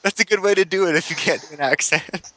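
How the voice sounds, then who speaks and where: A man's voice: high voice, sharp tone, a little hiss or hum, poor audio. A young man co-hosting a casual chat, joking and laughing often. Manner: chatty and joking, laughs often, speaks in quick bursts. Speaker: podcast co-host.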